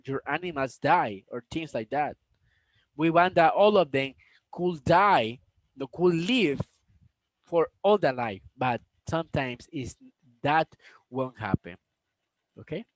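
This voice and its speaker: Slow, careful man reading aloud. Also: a little high, dry recording, poor audio. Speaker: storybook reader. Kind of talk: reading a novel aloud with asides to viewers.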